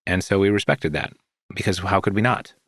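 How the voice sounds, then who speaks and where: Deep-voiced man co-host, dry sound. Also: brisk, fairly bright tone, no room sound. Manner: conversational, leans on "you know". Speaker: podcast co-host. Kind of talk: casual chat.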